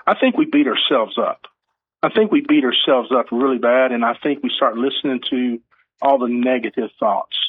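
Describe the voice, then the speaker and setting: A man's voice: mid-range voice, normal speed, breathy edge, no room sound. A man, an author being interviewed, talking earnestly and telling stories. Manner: earnest, storytelling, acts out quotes. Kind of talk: conversational interview. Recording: tinny phone-line audio.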